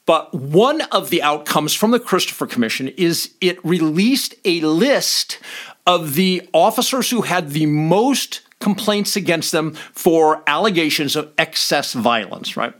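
Blunt, animated former cop telling stories. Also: male voice, fairly high pitch. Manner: animated, acts out shouted commands; blunt, swears freely, laughs between points. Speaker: former police officer. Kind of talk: casual storytelling monologue.

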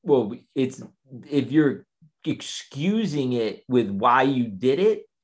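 A man in his fifties, speaking as a guest in an easygoing interview. He talks thoughtfully and hesitantly, often restarting his sentences. His voice sits at an average pitch. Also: very animated, takes it slowly. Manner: reflective, hesitant, with frequent restarts. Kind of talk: casual conversational interview.

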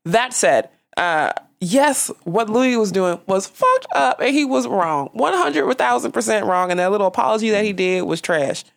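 A woman comedian chatting casually on a podcast, blunt and animated, laughing often as she tells stories. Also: mid-range voice, normal speed, creaky, few pauses. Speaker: comedian guest.

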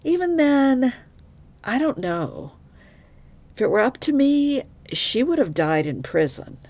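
A woman narrates a true crime case for her podcast listeners. She talks slowly and takes her time. Her pitch rises and falls a lot, and she offers her blunt opinions between the facts. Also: big pitch swings, a little mellow, no echo. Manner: opinionated, conversational, frank asides. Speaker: podcast host.

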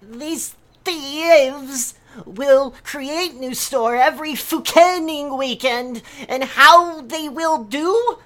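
A woman's voice: a little high, lively intonation, slow pace, a bit bright, pitched above the performer's own voice. A woman dramatically reading out a forum post in broken grammar, as an indignant poster ranting about scammers. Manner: broken grammar, pompous and outraged.

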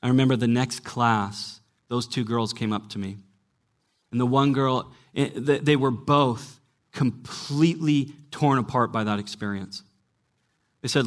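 Speaking at an unhurried pace in a medium pitch, this man, a pastor and former college teacher, addresses a church's young adults gathering in front of a live crowd. He tells his stories emphatically and keeps repeating the word "listen."

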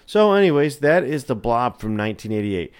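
A man's voice: mid-range voice, big pitch swings, fairly quick, clear, resonant tone. A man co-hosting a podcast in casual late-night chat, joking and teasing in a laid-back way. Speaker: podcast co-host.

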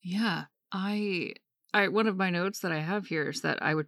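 A woman's voice: normal speed, no room sound, clean studio sound. A woman in her thirties co-hosting a book podcast, chatting casually and acting out quotes with animation. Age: 30s. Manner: animated, acts out quotes in a higher voice. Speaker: podcast co-host. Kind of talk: casual book-discussion chat.

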